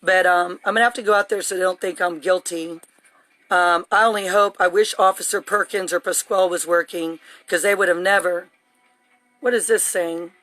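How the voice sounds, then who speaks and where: A woman's voice: lowish voice, fairly even intonation, moderate pace, fairly bright tone, dry recording. A woman streaming live on her phone from inside her home, talking in an urgent, agitated, rambling way. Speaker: livestreamer. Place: home, indoors.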